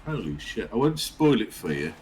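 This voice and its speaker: A man's voice: lowish voice, very animated, moderate pace, a little mellow, a little hiss or hum. A man co-commentating a game livestream, chatty, joking and swearing freely.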